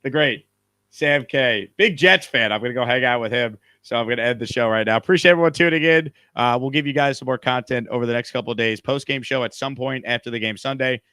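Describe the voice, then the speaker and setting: An upbeat man hosts a casual live stream and reads viewer comments aloud in an easy, chatty way. His voice sits at a middling pitch, and it sounds dry and close with no room echo. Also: a little fast, pushed and bright. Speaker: show host. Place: hotel room.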